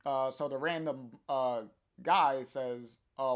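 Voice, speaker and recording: A man's voice: medium pitch, fairly even intonation, takes it slowly. A man reading a comic aloud on a stream, narrating the panels hesitantly with many fillers.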